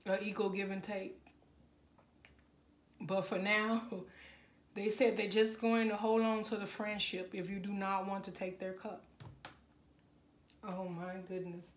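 A woman reads tarot cards for her viewers in a loose, chatty way. She gets emotional and keeps breaking into exclamations. Her voice sits at a middle pitch and echoes around the room. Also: little pitch movement, unhurried, pauses often. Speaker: tarot reader. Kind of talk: casual tarot reading to camera.

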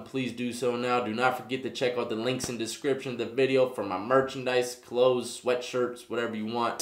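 A man's voice: mid-range voice, a bit bright. Man, vlog host telling prison stories, street slang, keeps asking "you know what I mean", roomy echo. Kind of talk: casual storytelling to camera.

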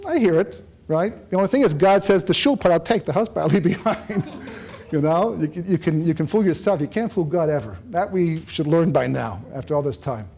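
A man giving a Torah lecture, animated, joking and laughing as he acts out dialogue. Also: on the high side, fairly quick, slightly rough. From lives in Israel. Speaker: rabbi giving a Torah talk. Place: lecture room.

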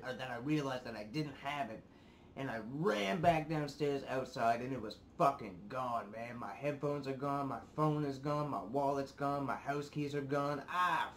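A man's voice: mid-range voice, a little hiss or hum. A young man hosting his reaction vlog, casually ranting at his viewers, swearing a lot and sounding worked up. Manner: swears often, animated and worked up. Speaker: reaction video host.

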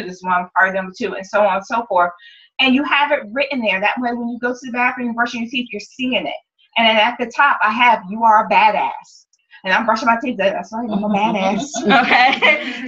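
A woman's voice: on the high side, pushed and bright, dull audio. A woman leading a sales team meeting, talking candidly about goals with upbeat, emotional energy and casual swearing. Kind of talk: motivational team meeting talk.

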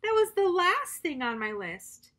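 A fussy little toad who frets over his to-do list, as a woman reads him aloud. The voice rises high and loud whenever something goes wrong. It sounds like a bedtime storybook read aloud. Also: fast talker. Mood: alarmed. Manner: loud, high and wailing when upset. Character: fretful male toad, clings to his list.

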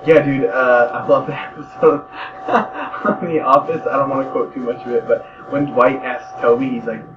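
A man's voice: medium pitch, moderate pace, noisy background. A man co-commentating a game, teasing and wisecracking with a giggly manner. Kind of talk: casual gameplay commentary. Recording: echoey, distant, dull sound with game music.

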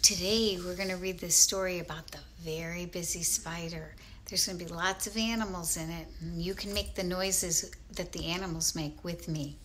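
A woman reading a picture book aloud to young children, gentle and expressive, inviting them to make the animal noises with her. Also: fairly low pitch, slight background noise. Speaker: children's story reader.

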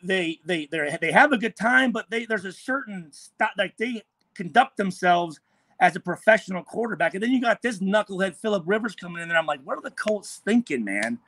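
Ex-player guest, man, higher pitch, dry close sound, profane and lively in the telling. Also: a little fast, dry recording. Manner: animated, profane storytelling. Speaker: former NFL player guest. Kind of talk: casual storytelling chat. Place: hotel room.

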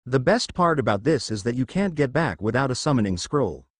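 A man's voice: mid-range voice, big pitch swings, fairly quick, husky, no echo. A man voicing a sly, sadistic male fox spirit who snickers and taunts.

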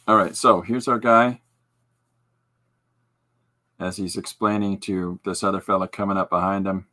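A man in his forties hosting a podcast, telling rambling, self-deprecating stories in casual chat, with halting restarts and frequent laughs. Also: deep voice, level tone, pushed and bright. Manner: halting restarts with many fillers. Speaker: podcast host and artist.

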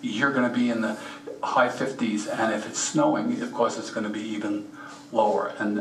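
Speaking straight to his audience in a meeting room at a rock and mineral show, this man presents slides with plain, folksy, practical advice. His middle-pitched voice sounds a bit bright, and the distant mic picks up the room's echo.

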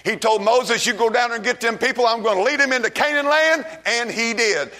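A man preaching a revival sermon, fervently calling out and then dropping to a hushed tone. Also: a little fast. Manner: fervent, shouts rises then drops low and hushed.

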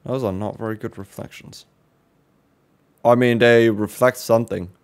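A man casually commenting while playing a horror game, joking, reacting fast and swearing now and then. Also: medium pitch, steady tone. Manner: jokey, swears, quick reactions. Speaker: let's play host.

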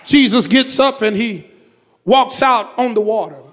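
A man preaching a sermon in a church, with a rhythmic, repetitive cadence and shouted bursts. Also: extremely high pitch, animated, measured pace. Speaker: pastor.

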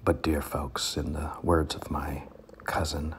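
A man's voice: a bass voice, level tone, measured pace, a little hiss or hum. A man giving a comedic poetry reading, mock-pompous and rambling, often dropping into whispers.

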